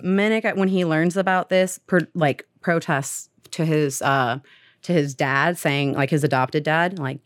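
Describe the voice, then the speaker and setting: Low-voiced young woman telling a story. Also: fairly even intonation, a little slow, dry recording, clean studio sound. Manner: retells a story with lots of "like" and acted quotes. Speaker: podcast storyteller. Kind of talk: casual storytelling chat.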